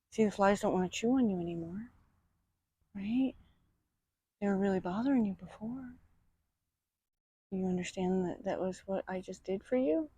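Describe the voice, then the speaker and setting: A horse trainer speaks outdoors, half explaining the session and half soothing the animal. The voice is husky and a little breathy, at a middling pitch. The delivery is calm and coaxing, with gentle reassurances said again and again. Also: normal speed, pauses often, no echo. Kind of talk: casual training vlog, talking to a horse.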